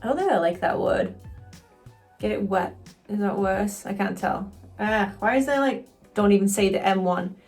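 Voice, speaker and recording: Woman, casual makeup tutorial, chatty and excitable, mid-range voice, faint music underneath. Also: medium pitch, moderate pace. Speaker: cosplayer doing a makeup tutorial.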